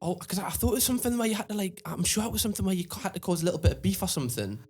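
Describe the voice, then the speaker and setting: A man co-hosting a casual podcast, asking the guest quick, chatty questions. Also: sits high, sing-song, darkish tone, slightly rough. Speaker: podcast co-host. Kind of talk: casual chat.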